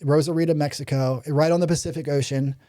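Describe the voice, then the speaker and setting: A man in his thirties tells his story as a podcast guest, rambling with lots of fillers and the odd curse. His voice sits slightly high for a man, with a dark, mellow tone. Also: steady tone, quick pace. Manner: rambling, many ums, profanity, acts out quoted voices. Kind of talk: candid storytelling interview.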